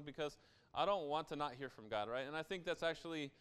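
A man's voice: on the high side, fairly quick, few pauses, a bit bright, clear, resonant tone. A young adult man preaching a sermon as pastor, in a conversational style with frequent asides to the listeners.

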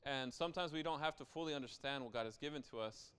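A man's voice: mid-range voice, fast talker, fairly bright tone, clear, resonant tone. A young adult man preaching a sermon as pastor, in a conversational style with frequent asides to the listeners.

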